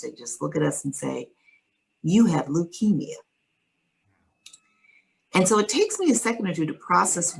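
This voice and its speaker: Husky low-voiced woman telling her story. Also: low-quality recording. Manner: earnest, measured storytelling with pauses. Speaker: guest sharing her story. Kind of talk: personal testimony in conversation.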